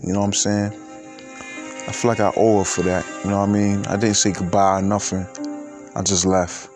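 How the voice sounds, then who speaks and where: A man of twenty-eight telling a personal story in a halting, reflective way, with many fillers and restarts. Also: fairly low pitch, little pitch movement, music in the background. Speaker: podcaster.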